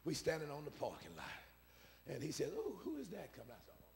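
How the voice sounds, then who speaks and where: A man a call-and-response sermon, repeating his phrases and swinging from soft asides to shouts. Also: on the high side, huge pitch swings, fast, gravelly, a crowd in the background. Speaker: preacher. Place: church sanctuary. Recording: preaching in a reverberant church hall.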